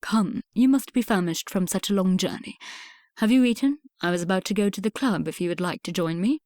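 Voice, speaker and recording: Lady reading a stiff proper young regency gent, formal and measured, mid pitch. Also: darkish tone, no echo, clean studio sound, close to an everyday voice. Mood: guarded. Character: reserved young Regency gentleman, dutiful son.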